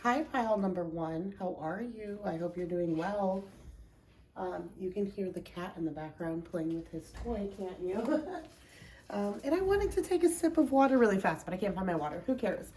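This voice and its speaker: A woman's voice: mid-range voice, expressive, normal speed, warm tone. Slightly out of breath woman rambling thru a tarot reading at home, lots of ums, faint hum behind her. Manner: chatty, rambling, many ums. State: a bit out of breath. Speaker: tarot reader. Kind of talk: casual pick-a-card tarot vlog. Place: home, indoors.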